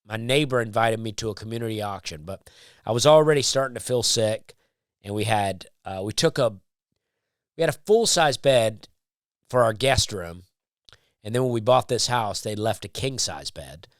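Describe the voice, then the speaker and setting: A man hosting his own podcast, telling rambling stories in a laid-back, deadpan way with lots of repetition. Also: on the low side, moderate pace, dry recording, studio quality. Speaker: comedian podcast host. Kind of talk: casual solo storytelling.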